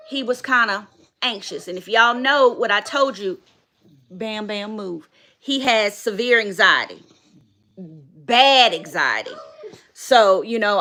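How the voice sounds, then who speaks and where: A woman's voice: a little high, pushed and bright. A middle-aged woman, emotionally retelling a story to her viewers in a repetitive, emphatic way. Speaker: dog owner vlogger.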